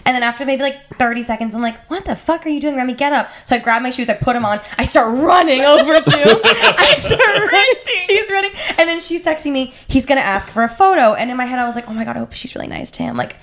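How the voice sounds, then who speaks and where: A young woman co-hosting a podcast, telling a story in a gushing, animated way and acting out the quotes. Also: high-pitched, fast, few pauses. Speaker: podcast co-host. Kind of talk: casual storytelling chat.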